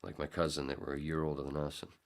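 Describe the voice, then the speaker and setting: A man's voice: rumbling low, monotone, fast. A man hosting a podcast, telling a rambling story in a casual way, swearing freely and acting out scenes with sudden jumps in his voice. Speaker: podcast host.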